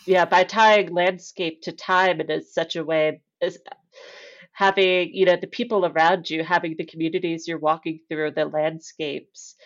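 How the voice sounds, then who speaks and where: A woman with a fairly low voice speaks reflectively as a guest on a podcast interview. Her audio comes through dull and lo-fi. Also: fairly even intonation, normal speed. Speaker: communications head, podcast guest.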